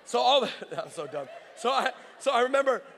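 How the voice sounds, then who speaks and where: Animated preacher man in a big hall. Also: extremely high pitch, a little fast, creaky, a faint crowd, a little hiss or hum. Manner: animated, playful storytelling with frequent self-interruptions. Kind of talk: sermon with comic storytelling. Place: large armory hall. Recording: long reverb of a large hall.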